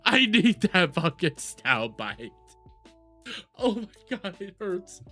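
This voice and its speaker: A woman streaming a live reaction to a video, talking bluntly, swearing freely and thinking out loud. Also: medium pitch, big pitch swings, takes it slowly, faint music behind.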